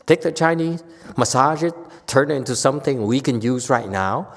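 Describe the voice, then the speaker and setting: A man teaching Buddhism in a relaxed, conversational way, his voice sitting at an ordinary middle pitch. He breaks into animated bursts and often restarts his sentences. A long reverb from the temple hall trails each phrase. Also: normal speed, gravelly. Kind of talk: informal dharma lecture.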